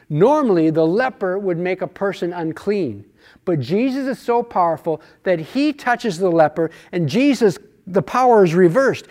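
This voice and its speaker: Male Bible study teacher, high pitch, conversational, rhetorical questions. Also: a little mellow.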